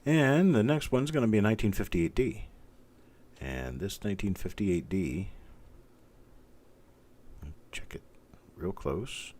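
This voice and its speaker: A middle-aged man hosting a live stream, calmly and methodically talking through each coin and greeting viewers by name. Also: on the low side, moderate pace. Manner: calm, methodical, talks while inspecting coins, greets viewers by name. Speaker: host.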